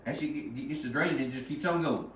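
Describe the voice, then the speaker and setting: A man's voice: medium pitch, very fast, husky, poor audio. A man who works as a fabricator, cracking jokes in laid-back slang as co-host of a live stream. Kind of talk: casual live-stream banter.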